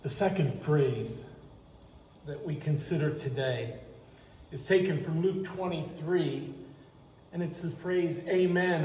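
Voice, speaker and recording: A man, preaching as pastor, reads scripture in an unhurried, deliberate way. His tone is soft and a little high. A long church-hall echo trails each phrase, with faint noise under it. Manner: slow, deliberate scripture reading. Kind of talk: Good Friday sermon. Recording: echoey church hall reverb.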